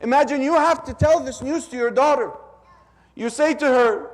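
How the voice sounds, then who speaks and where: A man delivering a mourning sermon, telling a story slowly and urging the audience to repeat lines after him. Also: very high voice. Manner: slow, drawn-out, urges the audience to repeat lines. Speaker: speaker at a religious gathering. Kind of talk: mourning sermon with call-and-response.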